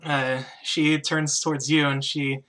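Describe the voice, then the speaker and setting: Acting as game master for a tabletop role-playing game, a man loosely describes the scene and fills it with many fillers. His voice is bright and fairly high-pitched, delivered flatly and without hurry.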